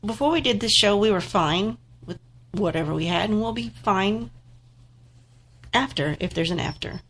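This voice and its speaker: A woman's voice: medium pitch, expressive, moderate pace, fairly bright tone, slight background noise. A woman co-hosting a live internet talk show, chatting casually with a stuffed-up, nasal voice. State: congested, nasal. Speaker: podcast co-host. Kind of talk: casual chat.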